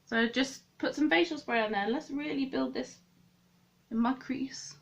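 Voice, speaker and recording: A woman's voice: high-pitched, normal speed, creaky, muffled recording. A woman chatting through a makeup tutorial, thinking aloud and correcting herself as she goes. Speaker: beauty vlogger.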